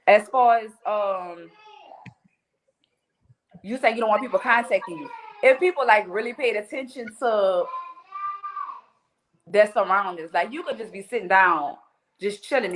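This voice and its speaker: A woman's voice: medium pitch, unhurried, long pauses, fairly bright tone, a little hiss or hum. A woman with a New Orleans accent, a podcast guest telling stories in casual chat, blunt and full of cursing. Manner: blunt, profane storytelling.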